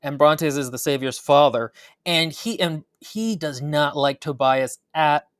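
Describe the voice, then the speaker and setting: Low-voiced sarcastic woman, dry sound. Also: a little slow, dry recording. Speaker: podcast co-host. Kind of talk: casual book review chat.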